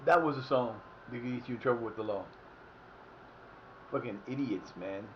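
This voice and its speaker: Talking to himself while streaming a soccer management game, this man curses in frustration as he commentates live. He speaks at a normal speed in a mid-range voice, and the dull audio has a little hiss or hum.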